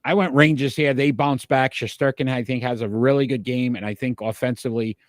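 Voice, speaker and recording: A man hosting a casual sports talk show, chatty and quick to laugh, calling out to his live viewers. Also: mid-range voice, steady tone, no room sound, studio quality. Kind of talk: casual sports picks chat.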